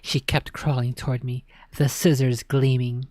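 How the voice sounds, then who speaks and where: A woman reads a spooky children's tale aloud in a low voice, dramatic and often sinking to a hush. The sound is close and dry, with no room around it. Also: little pitch movement, moderate pace, no echo. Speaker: storyteller. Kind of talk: scripted narration of a spooky children's book.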